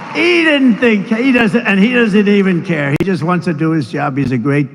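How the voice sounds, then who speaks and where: A man's voice: high voice, normal speed, vocal fry. A man in his seventies giving a rambling rally speech, full of asides and mocking impressions. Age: 70s. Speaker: political speaker at a rally. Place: large rally venue. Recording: long reverb of a big venue, faint noise.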